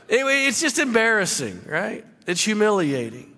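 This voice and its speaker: A man's voice: sits high, lively intonation, a little slow, bright, forceful tone. A man preaching a sermon, emphatic, repeating and stumbling over words as he stresses his points. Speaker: pastor. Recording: long hall reverb.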